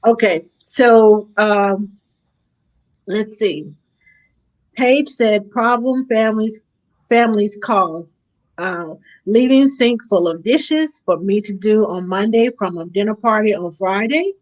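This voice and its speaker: Animated woman giving nanny advice. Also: mid-range voice. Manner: animated, acts out parents and kids in quick asides. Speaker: nanny guest. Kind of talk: casual advice conversation.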